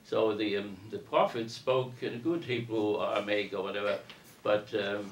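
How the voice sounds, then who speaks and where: A low-pitched man with a gravelly edge lectures to an audience, reading a text aloud and then talking it through in a rambling, explanatory way. He is heard from some distance in a reverberant room. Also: slight background noise. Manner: discursive, reads passages aloud then comments on them. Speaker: university lecturer. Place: parish hall lecture room. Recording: roomy echo from a distance.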